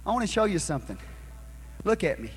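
Male pastor, high voice, fervent call-and-response preaching, live church recording. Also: big pitch swings, quick pace, slightly rough. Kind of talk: sermon.

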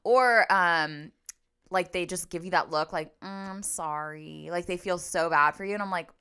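A woman's voice: on the low side, moderate pace, bright, forceful tone, smooth. A young woman co-hosting a casual podcast chat, chatty and self-mocking, swearing and quoting people. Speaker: podcast co-host.

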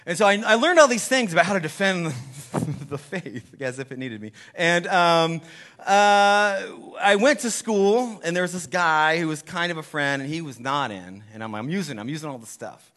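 Bright-voiced man telling stories casually. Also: fairly high pitch, expressive, normal speed. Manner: rambling, self-deprecating, restarts sentences. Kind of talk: casual storytelling chat.

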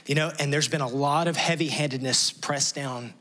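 A man's voice: fairly high pitch, moderate pace, pushed and bright. A middle-aged male pastor preaching an impassioned sermon in a church, acting out the voices of the people in the story he tells. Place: church sanctuary.

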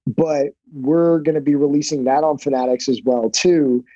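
A man tells stories from his jiu-jitsu life in loose, profane chat, his voice a touch high but mellow. The sound is dry and slightly dull. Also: fairly even intonation, normal speed, no room sound. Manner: loose and profane, many fillers. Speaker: jiu-jitsu instructor, podcast guest. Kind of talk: casual storytelling.

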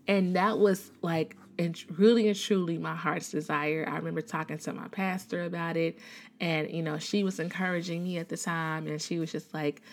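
Here a Christian woman from the Chicago area, USA, in her thirties, recounts her testimony at a normal pace in a lowish voice. She talks casually, often restarting sentences and using many fillers.

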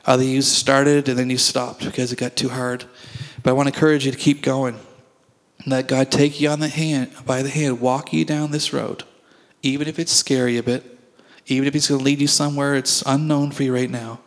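A man's voice: medium pitch, flat delivery, brisk, big-room sound, poor audio. A male pastor preaching a sermon in a conversational, storytelling way, acting out his own dialogue as he goes.

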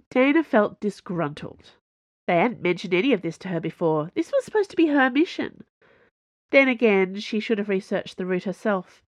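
A woman narrating an audiobook in an even storytelling manner. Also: lowish voice, dry recording. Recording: dull lo-fi dry recording.

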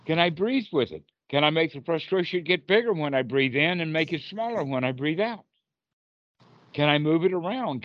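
A man's voice: fairly high pitch, animated, normal speed, dry recording. A man teaching Buddhist meditation on a group video call, playful and encouraging as he acts out inner dialogue. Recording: dull lo-fi call audio.

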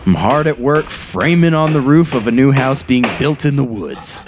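A man's voice: medium pitch, expressive, moderate pace, few pauses, noisy background. A man reading a story aloud on a podcast, often stopping to joke about it. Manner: reads aloud and breaks off to joke. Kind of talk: casual comedic podcast chat.

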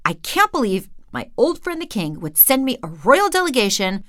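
A woman doing a booming, accusing king. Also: very animated, normal speed, bright, forceful tone, no echo, studio quality. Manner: booming, insistent. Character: blustering foreign male king, loud and accusing.

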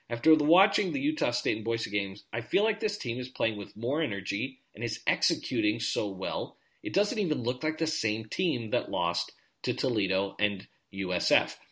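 A man co-hosting a podcast in casual sports chat, animated and full of quick restarts. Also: mid-range voice. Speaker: podcast co-host.

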